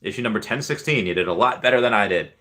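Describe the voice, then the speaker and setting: A man's voice: lowish voice, expressive, racing, sharp tone. A man hosting a casual livestream, reading viewer comments aloud with lots of ums and cheering on the winners. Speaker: livestream host reading chat.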